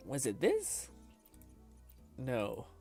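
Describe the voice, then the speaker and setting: A man's voice: medium pitch, huge pitch swings, drawn-out words, a little mellow, faint music behind. A man streaming a video game, chatting casually, swearing often and laughing a lot. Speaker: gaming streamer. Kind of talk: casual live-stream commentary.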